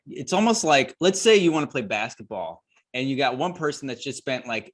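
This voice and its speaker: A man's voice: mid-range voice, fairly bright tone. A man hosting an interview, talking emphatically and addressing his listeners as guys. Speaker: host and course creator.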